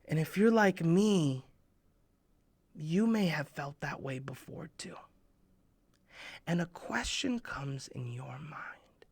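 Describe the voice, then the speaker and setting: Animated man joking through a kids' sermon. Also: fairly high pitch, slow, creaky, long pauses, husky. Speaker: children's khutbah presenter. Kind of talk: playful storytelling sermon for kids.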